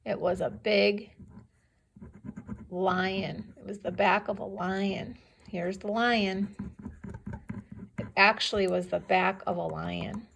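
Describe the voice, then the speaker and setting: Slow, gravelly-voiced woman teacher. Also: medium pitch, steady tone, fairly bright tone, a little hiss or hum. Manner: patient, questioning, checks understanding. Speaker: second-grade teacher. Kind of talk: reading a story aloud to children.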